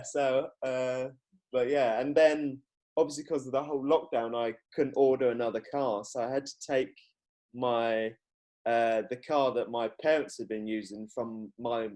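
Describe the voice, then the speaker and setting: A man's voice: mid-range voice, fairly even intonation, a little slow, mellow. A young man, hosting a podcast in casual chat, rambling and laughing often as he acts out quotes. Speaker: podcast host.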